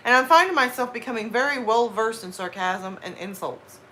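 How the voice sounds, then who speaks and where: With a slightly high, bright, forceful voice, this woman from the American South talks fairly quickly with few pauses, a faint hiss or hum in the background. She chats casually with her live stream viewers in a light Southern accent, laughing often and slipping into drawled phrases.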